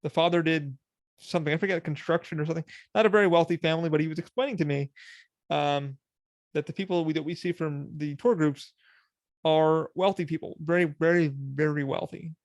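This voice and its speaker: Man, young, podcast host, casual rambling talk, laughs a lot, curses, acts out quotes, raspy fry. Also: on the high side, fairly quick, no echo, highs cut off. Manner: rambling, laughing, profane, animated quoting. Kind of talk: casual solo podcast chat.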